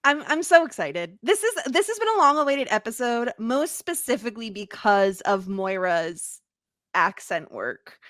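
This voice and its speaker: Podcast host, woman, bright and fairly high, dry close sound, giggly storyteller. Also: very animated, normal speed, no room sound. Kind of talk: casual podcast chat.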